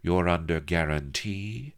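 A plump, flirtatious noblewoman who teases and gives orders in a drawl, as a man puts her on. The voice rides well above the performer's own deep register and swoops up and down. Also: very animated, slow, vocal fry, full character voice. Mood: commanding. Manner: teasing, commanding drawl.

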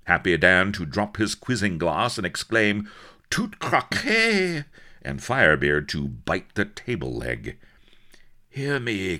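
A man's voice: very deep voice, bright, forceful tone. A man reading a comic pirate story aloud with a dry, wry delivery. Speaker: reader.

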